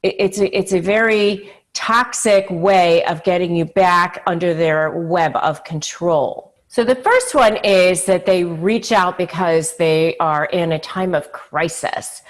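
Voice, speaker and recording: A woman with a fairly low voice talks straight to her viewers in an advice-style video. She is conversational and emphatic, leaning on fillers like "you know" and "uh". Now and then she slips into short acted-out quotes. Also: takes it slowly, few pauses. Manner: acts out quoted pleading lines. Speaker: channel host. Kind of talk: direct-to-camera advice talk.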